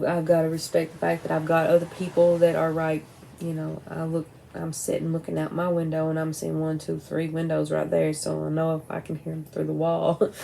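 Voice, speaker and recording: A woman's voice: sits low, gravelly, mellow, a little hiss or hum, poor audio. A middle-aged woman talking candidly and bluntly to camera at home, rambling and swearing now and then. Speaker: vlogger. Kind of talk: casual personal talk to camera. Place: at home by a window at night.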